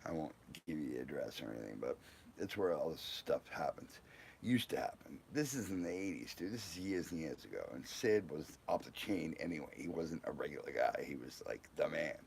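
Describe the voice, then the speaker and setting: A man's voice: rumbling low, lively intonation, a little fast, gravelly, darkish tone, a little hiss or hum. A man in his fifties from Newport, telling rambling personal stories full of profanity and tangents.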